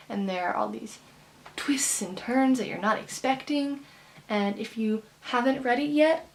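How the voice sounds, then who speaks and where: A young woman talking casually to camera about a book she loved, gushing and excitable, with lots of fillers and quick runs of words. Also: mid-range voice, a little hiss or hum. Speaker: book vlogger. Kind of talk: casual book review vlog.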